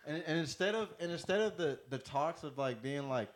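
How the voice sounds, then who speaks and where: Lively young man telling stories. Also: fairly high pitch, a little fast, hardly any pauses. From Texas. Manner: animated storytelling, acting out quotes. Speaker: podcast guest. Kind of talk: casual chat.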